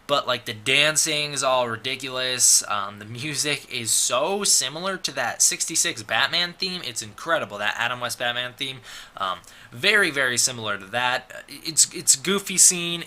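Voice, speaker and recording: A man's voice: medium pitch, moderate pace, pushed and bright. A man recapping a monster movie in a casual review, rambling and sarcastic, with lots of fillers and restarts.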